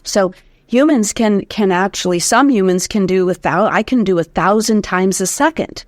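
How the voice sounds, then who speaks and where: A woman's voice: medium pitch, moderate pace, no room sound, studio quality. A woman voice teacher explaining breath support and the vocal folds, demonstrating as she goes in an interview. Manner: demonstrative, lively, counts aloud in breath drills.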